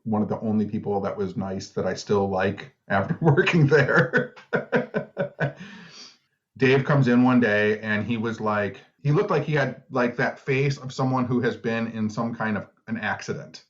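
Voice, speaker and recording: A man's voice: lowish voice, unhurried, highs cut off. A man co-hosting a podcast, telling stories in laid-back casual chat and laughing at himself. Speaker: podcast co-host.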